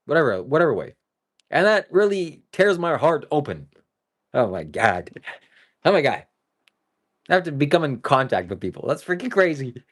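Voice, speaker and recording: A man live-streams to his viewers in a loose, rambling monologue. His pitch moves a lot and his tone swings between joking and earnest. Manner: talks straight to viewers. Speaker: livestreamer.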